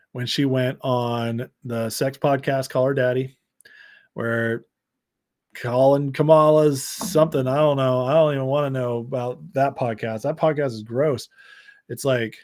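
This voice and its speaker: A man's voice: mid-range voice, darkish tone. Sarcastic man hosting a political livestream. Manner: sarcastic, reads headlines and chat aloud, laughs often. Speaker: political commentary show host. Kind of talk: live-stream political commentary.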